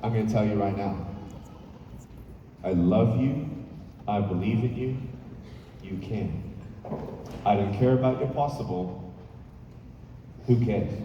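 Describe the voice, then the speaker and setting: A man giving an animated motivational speech from a stage, telling stories with playful asides to the crowd. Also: on the low side, a little slow, long pauses, highs cut off, a little hiss or hum. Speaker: motivational speaker. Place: large hall on stage. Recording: echoey hall from far off.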